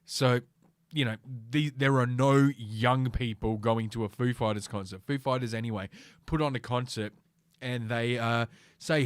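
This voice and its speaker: A man's voice: medium pitch, steady tone, moderate pace, clear, resonant tone, no echo. A middle-aged man hosting a casual solo podcast, ranting in a profane, sardonic, rambling way from a home room. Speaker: podcast host.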